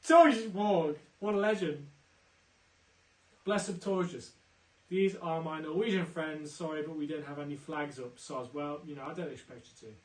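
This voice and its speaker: A man's voice: a little high, steady tone, moderate pace, recorded from a distance. Chatty man hosting a quiz, roomy. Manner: chatty, upbeat, teasing shout-outs. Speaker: quiz host. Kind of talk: live-streamed quiz banter. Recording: roomy, off-mic, faint music.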